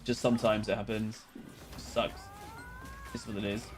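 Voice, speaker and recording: A British man chatting casually with viewers while streaming a game, with excited outbursts at the action. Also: fairly low pitch, normal speed, loud music behind the voice. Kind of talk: casual live-stream chat while playing.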